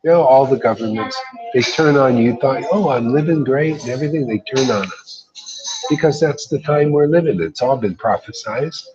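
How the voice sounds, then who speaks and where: A man's voice: medium pitch, normal speed, highs cut off, crowd noise. A man giving an informal devotional talk as a spiritual teacher, emphatic and colloquial, often calling listeners "man.".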